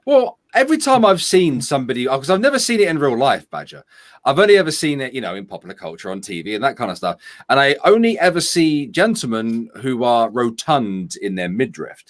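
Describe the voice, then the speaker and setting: A man chats on a stream in a playful, teasing way. His pitch rises and falls a lot. He drops in slang and keeps needling his friend for laughs. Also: sing-song, brisk. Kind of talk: casual chat.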